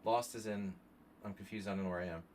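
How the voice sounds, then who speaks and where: With a lowish, steady and slightly mellow voice, a man rattles quickly through a live blitz chess stream. He voices his thinking on each move and chats to viewers, and a little hiss or hum sits in the audio.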